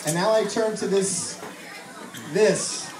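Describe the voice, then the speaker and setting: Middle-aged man, proud father's toast, joking storyteller; higher voice, heard from afar with a crowd behind. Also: fairly even intonation, slow pace, heavy background noise. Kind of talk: speech at a family celebration. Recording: echoey hall, mic heard from far, crowd behind.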